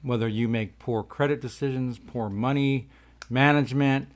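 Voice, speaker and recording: A man's voice: medium pitch, steady tone, moderate pace. A man hosting a casual talk show, rambling and folksy while talking around tobacco in his mouth. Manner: rambling, folksy, says "y'all". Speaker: host.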